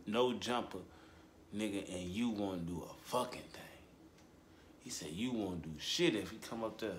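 A man giving casual reaction commentary, drawling and repeating himself, his voice jumping high for emphasis. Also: echoey room, slight background noise. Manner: animated, drawling, repetitive, voice jumps high for emphasis. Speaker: commentary host.

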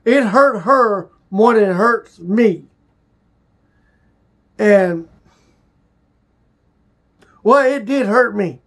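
A man talking to camera in a personal confessional vlog, halting and emotional, often restarting his sentences. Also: sits high, animated, fairly bright tone. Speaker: vlogger.

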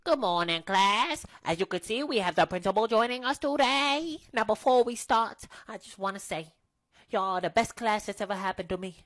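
A woman's voice: mid-range voice, animated, normal speed, a bit bright, no echo. A woman acting out comedy sketches in a slangy, brash and playfully bossy way. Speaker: sketch comedian playing several parts.

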